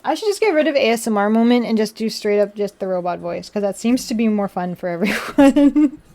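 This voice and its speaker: A woman's voice: medium pitch, expressive, a little fast, dark tone. A woman livestreamer chatting casually while building a model kit, giggly and self-mocking, laughing often between her sentences. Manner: apologetic and self-mocking with chat.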